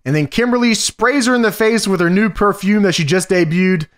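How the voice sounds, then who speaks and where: A man co-hosting a podcast, recapping a wrestling show in a casual, profane, excited play-by-play. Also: high-pitched, brisk. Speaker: podcast co-host.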